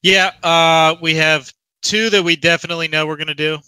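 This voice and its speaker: A man's voice: on the high side, fairly even intonation, a little fast, sharp tone, clean tone, no echo, poor audio. A man, a game developer guest, explaining his plans eagerly with some jokes over an online voice call. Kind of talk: casual interview talk.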